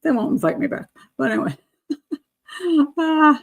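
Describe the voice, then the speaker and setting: A woman's voice: high-pitched, very animated, normal speed, creaky. An older woman hosting a live chat show, blunt and opinionated, laughing often as she reads out viewer comments.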